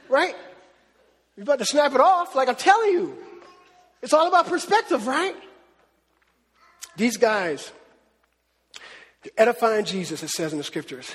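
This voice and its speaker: A man preaching a casual, animated sermon, often checking in with the crowd. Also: very high-pitched, a little slow, long pauses, slightly rough. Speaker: pastor. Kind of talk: conversational sermon. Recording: long hall reverb.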